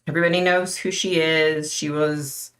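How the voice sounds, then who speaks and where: A woman's voice: low voice, fairly even intonation, moderate pace, fairly bright tone. A middle-aged woman hosting a casual livestream, chatting with viewers by name and talking with a skeptical edge. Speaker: livestream host.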